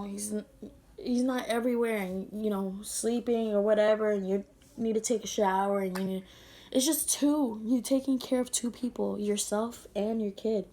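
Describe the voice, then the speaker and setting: Teary young woman, mellow voice. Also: medium pitch. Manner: tender, rambling, teary. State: teary-eyed. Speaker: vlogger. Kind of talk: emotional story time.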